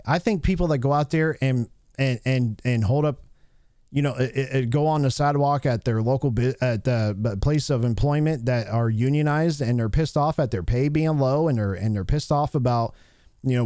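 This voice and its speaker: A man's voice: fairly high pitch, darkish tone, dry recording, studio quality. A man giving blunt, profane opinion commentary on a livestream, rambling with many restarts.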